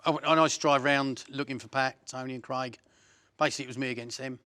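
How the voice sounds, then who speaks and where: Fast-talking blunt man. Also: medium pitch, fairly even intonation, pushed and bright, smooth, no echo. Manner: blunt, coarse storytelling. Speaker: interviewee. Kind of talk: recounting a violent episode.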